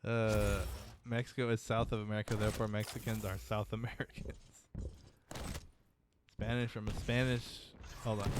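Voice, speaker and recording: A man casting a live online shooter match in a casual, rambling way, with sudden excited outbursts. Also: fairly low pitch, moderate pace, pauses often, noisy background. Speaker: esports caster. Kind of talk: live game commentary. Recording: loud game gunfire under voice. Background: game gunfire and rockets.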